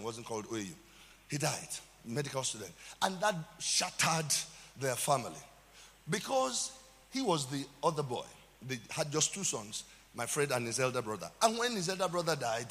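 A man's voice: on the high side, fairly bright tone, big-room sound. A man with a Nigerian accent, a pastor preaching a sermon with dramatic emphasis and calls out to the congregation.

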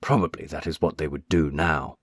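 A man narrating a story in a measured, expressive reading. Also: rumbling low, slightly rough, no echo, clean studio sound. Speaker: audiobook narrator.

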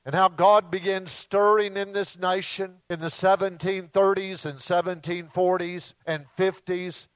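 Slow, emphatic preacher man. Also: high-pitched, flat delivery, a bit bright, clean tone, no room sound. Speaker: visiting preacher. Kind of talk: sermon.

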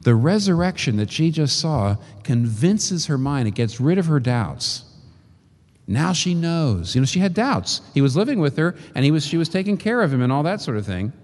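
A man preaching a sermon in an animated way, acting out quoted voices and repeating phrases for emphasis. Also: on the high side, normal speed, long reverb tail.

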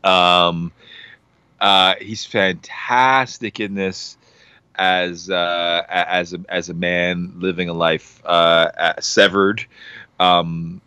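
A man's voice: sits low, little pitch movement, slow pace, pushed and bright, clear, resonant tone, dry recording. A man on a casual podcast, rambling enthusiastically about a TV series with lots of fillers and restarts. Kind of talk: casual show recommendation.

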